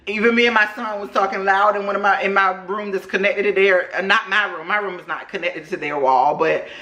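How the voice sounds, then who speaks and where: A woman vlogger telling a story to her viewers at home in an animated, chatty way, talking to them directly. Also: medium pitch, a little fast. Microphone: camera microphone. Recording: roomy echo.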